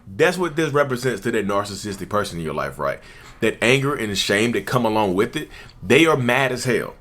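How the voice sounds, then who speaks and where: A man's voice: lowish voice, sing-song, fairly quick, fairly bright tone. A man hosting his own channel, talking casually with emphatic repetition and occasional chuckles. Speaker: channel host, self-described narcissist. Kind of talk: casual talking-head commentary.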